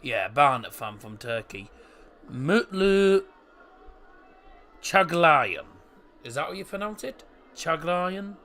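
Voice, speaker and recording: A young man runs a live football watchalong, chatting with viewers and calling the action. His voice is bright and forceful, with lively swings in pitch that climb into near-shouts when a chance comes. He stumbles a little over tricky names but keeps talking. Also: normal speed. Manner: excitable, rises to shouts at chances; fumbles over name pronunciations. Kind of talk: live match commentary and chat reading.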